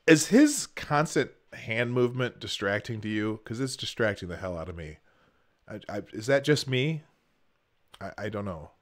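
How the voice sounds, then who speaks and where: A man's voice: fairly low pitch, very animated, normal speed. A man hosting a live stream, commenting sarcastically on a political speech and rambling with many restarts and fillers. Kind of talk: casual commentary.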